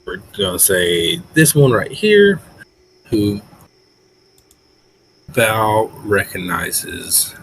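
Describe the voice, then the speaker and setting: Slow-talking low male game master. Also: a little hiss or hum, low-quality recording. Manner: relaxed, hesitant, laughs often and restarts. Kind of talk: narrating a tabletop game.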